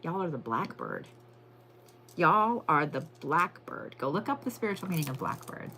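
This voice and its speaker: A woman's voice: low-pitched, big pitch swings, normal speed, bright, forceful tone, slight background noise. A woman giving a casual, profane live crystal and zodiac reading, chatting to viewers as y'all. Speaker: livestream tarot and crystal reader.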